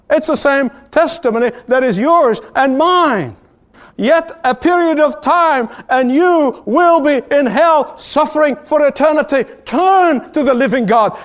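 High-voiced emphatic male preacher. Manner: emphatic, repetitive preaching cadence; swings between high exclamations and low, drawn-out solemn lines. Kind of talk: sermon.

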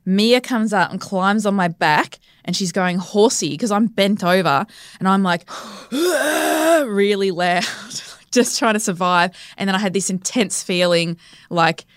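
A woman, a podcast guest telling a story in a casual, lively way and acting out the quotes. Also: medium pitch, measured pace, clear, resonant tone, no room sound, studio quality. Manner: vivid, breathless retelling that acts out quotes. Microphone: studio podcast microphone.

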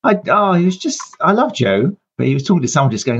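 A man's voice: fairly high pitch, sing-song, quick pace, few pauses, a bit bright, slightly rough, lo-fi sound. A man hosting a podcast, introducing his guest in a chatty, rambling way with many fillers. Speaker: podcast host. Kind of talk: casual live-show introduction and interview.

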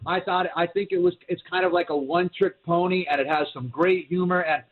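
A man chats about TV shows over a thin, tinny phone line, his voice a little high. He rambles with plenty of restarts and fillers and keeps hiccuping. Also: steady tone, a little fast. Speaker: TV critic guest. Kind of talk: casual chat about TV.

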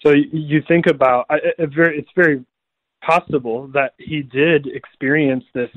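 A man, a priest, telling a scripture story in a lively conversational way and acting out the people he quotes. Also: on the high side, normal speed, no echo. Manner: animated storytelling, acts out quoted voices. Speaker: priest guest. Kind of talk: conversational radio talk on faith. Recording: tinny phone line, dry.

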